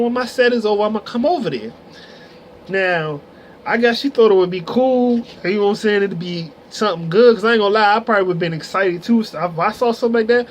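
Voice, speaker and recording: A young man with a notably high voice tells a funny story straight to his camera. He talks casually and animatedly, with loose slang and fillers. Faint room noise sits under the voice. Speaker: vlogger. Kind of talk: storytime vlog.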